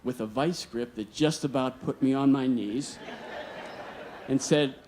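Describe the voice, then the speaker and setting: A man's voice: mid-range voice, a little slow, pauses often, a little mellow, slight background noise. A man telling a personal story live on stage, earnest and vivid, acting out the dialogue. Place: stage at a museum storytelling event.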